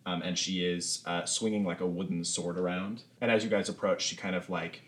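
A man narrating as game master in a tabletop game, relaxed and full of fillers. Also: low voice, brisk.

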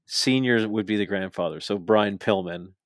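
A man with a lowish voice recaps the show in loose, excitable chat, swearing freely and laughing along. The sound is dry and close, with little room around it. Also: moderate pace, no room sound. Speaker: podcast co-host. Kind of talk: casual wrestling recap chat.

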